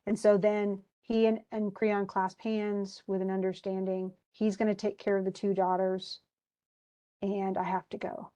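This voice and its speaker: A woman's voice: medium pitch, flat delivery, measured pace, warm tone. Chatty woman teacher retelling a play. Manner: chatty, restarts often, wistful about the tragedy. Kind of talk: casual lecture retelling a play.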